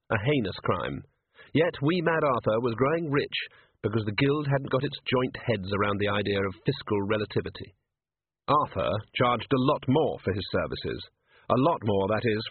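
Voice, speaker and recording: A man reading an audiobook as the narrator, telling the story in a measured, dry way. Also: mid-range voice, husky. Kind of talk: scripted narration. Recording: tinny lo-fi narrow-band audio.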